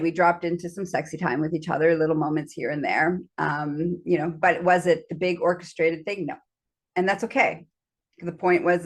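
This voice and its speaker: A woman host telling a candid personal story, frank about sex, laughing often and acting out her own panic in quoted asides. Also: fairly low pitch. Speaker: podcast host.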